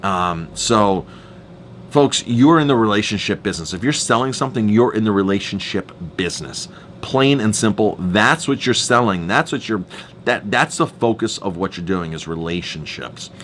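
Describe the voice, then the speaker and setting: A man's voice: lowish voice, animated, normal speed, fairly bright tone, a little hiss or hum. A middle-aged man, a chef and restaurant owner, telling stories in an earnest, emphatic staff training talk and often repeating words as he goes.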